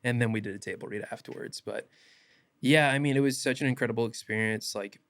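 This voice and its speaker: A young man, an actor guest on a podcast, telling stories in a casual animated way and acting out quotes. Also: mid-range voice, quick pace, vocal fry, no echo. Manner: animated, laughs often, acts out quotes. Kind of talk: casual podcast interview storytelling.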